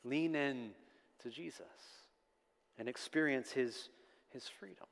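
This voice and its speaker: A man's voice: mid-range voice, slow pace, gravelly, fairly bright tone. Man preaching in an echoing hall. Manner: emphatic preaching, rising with repeated refrains. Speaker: pastor. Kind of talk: sermon. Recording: long hall reverb.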